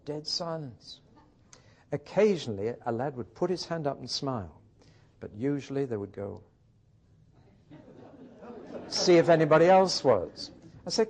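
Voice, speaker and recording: Lively man teaching scripture. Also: on the high side, a little slow, long pauses. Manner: emphatic, rhetorical questions, storytelling. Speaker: Bible teacher. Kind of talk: teaching talk with anecdotes.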